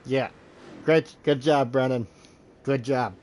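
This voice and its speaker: A man's voice: mid-range voice, steady tone, slow pace, a little mellow, a little hiss or hum. A man in his twenties giving casual, chatty running commentary as he streams a racing game live. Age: 20s.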